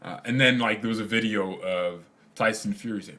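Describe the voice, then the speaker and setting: Rambling young man with a lowish voice. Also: fairly even intonation, a little fast, few pauses, pushed and bright. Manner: rambling, laughs often, slangy. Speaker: fan channel host. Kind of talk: casual livestream chat reading comments.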